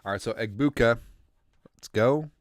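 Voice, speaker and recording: A man hosting a casual sports livestream, rambling as he reads out viewer shout-outs, a little congested. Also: medium pitch, normal speed, no echo. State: congested, coughing. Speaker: podcast host.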